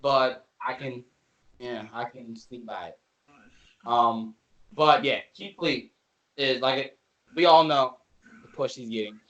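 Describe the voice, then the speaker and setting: A man's voice: medium pitch, takes it slowly, long pauses, a bit bright, muffled recording. A man co-hosting a podcast, joking and teasing his co-hosts in casual chat. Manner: joking, teasing, playfully indignant. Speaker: podcast co-host.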